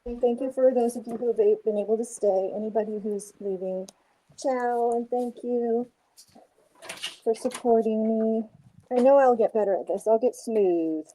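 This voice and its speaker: Dark-toned older woman chatting while crafting. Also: a little high, fairly even intonation, normal speed, low-quality recording. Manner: chatty, self-deprecating, narrates her work as she goes. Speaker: puppet maker and livestream host. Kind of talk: casual livestream chat while crafting. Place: porch outdoors, then home workshop.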